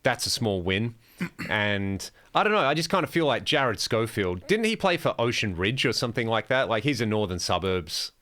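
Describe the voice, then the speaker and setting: A man's voice: on the low side, sing-song, moderate pace, sharp tone. A man with an Australian accent, co-hosting a podcast with teasing casual banter. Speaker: podcast co-host. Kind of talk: casual chat.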